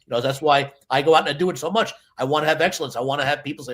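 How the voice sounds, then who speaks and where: A man, a stage hypnotist, chatting in a casual interview and telling lively stories, acting out other people's voices. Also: on the high side, very fast. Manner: animated storyteller, acts out voices.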